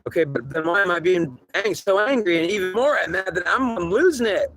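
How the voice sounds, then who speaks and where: A man's voice: high-pitched, expressive, a little fast, a bit bright, soft background music, voice pushed up. A man voicing Eve, an indignant, exasperated young woman who complains she has no power.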